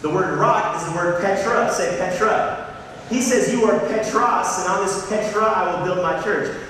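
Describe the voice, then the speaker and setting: A man preaching a sermon, animated and building to impassioned peaks. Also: sits high, normal speed. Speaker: pastor. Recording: echoey hall from far off, faint noise.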